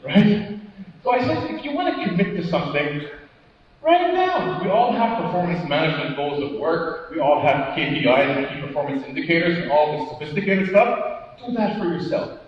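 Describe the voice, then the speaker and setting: A man's voice: on the high side, lively intonation, fairly quick. A male motivational speaker gives an interactive conference talk, quizzing the audience, tagging on "right?" and acting out anecdotes with quoted dialogue. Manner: engaging, keeps asking the audience questions and tagging "right?". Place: large conference hall. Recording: echoey hall from far off, dull sound.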